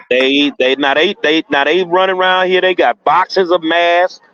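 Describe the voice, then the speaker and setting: A man talking casually and emphatically by phone from a street protest, slangy and quick to laugh. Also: on the high side, fairly even intonation, a bit bright, clean tone. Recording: dull lo-fi phone line, dry.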